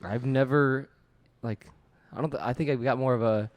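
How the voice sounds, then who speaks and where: A man's voice: mid-range voice, fairly even intonation, moderate pace, no room sound, dull audio. A man from Iowa hosting a podcast, asking questions in a laid-back, self-deprecating way. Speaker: podcast host. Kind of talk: casual interview chat.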